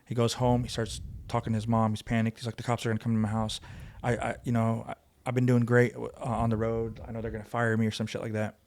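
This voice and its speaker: A man's voice: medium pitch, monotone, a little mellow. A man, a former police officer, telling his story as a guest on a podcast, emphatic and acting out what others said. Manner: fast, emphatic retelling, acting out quoted voices. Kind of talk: conversational storytelling. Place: podcast studio.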